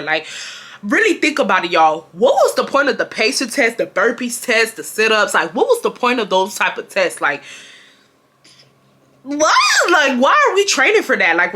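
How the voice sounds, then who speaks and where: A young woman, telling a storytime to her viewers in a lively, slangy, chatty way. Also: mid-range voice. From Houston, Texas. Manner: animated, slangy, talks straight to viewers. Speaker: storytime vlogger. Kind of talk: casual storytime chat.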